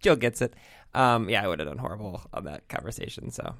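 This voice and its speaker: A man's voice: lowish voice, lively intonation, fast, fairly bright tone. A man hosting a podcast in casual chat, rambling and self-deprecating, laughing often. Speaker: podcast host.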